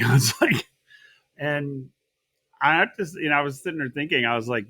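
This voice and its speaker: A man's voice: mid-range voice, moderate pace, sharp tone, dry recording. A man with an American accent co-hosting a podcast, rambling and laughing as he recalls a match. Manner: rambling, giggly, self-interrupting storytelling. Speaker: podcast co-host. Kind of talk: casual wrestling recap.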